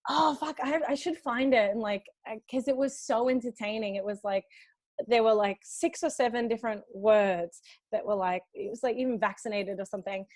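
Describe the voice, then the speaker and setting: An animated Australian woman talks on a call as a podcast guest, her voice sitting a little high. She rattles on in a casual, chatty way, swearing freely and breaking into laughs. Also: a little fast, no room sound. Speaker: podcast guest, film director. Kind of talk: casual chat. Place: family home, remote call.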